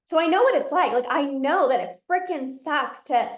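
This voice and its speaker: A high-pitched woman speaks earnestly and encouragingly in a solo podcast monologue. Her voice bounces around an echoey room. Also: lively intonation, normal speed. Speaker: podcast host and binge eating coach.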